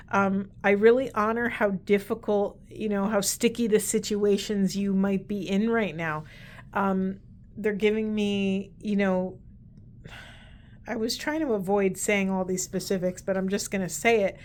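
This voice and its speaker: Earnest woman giving a spiritual card reading. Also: mid-range voice. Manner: earnest, meandering, gently emotional. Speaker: tarot and oracle card reader.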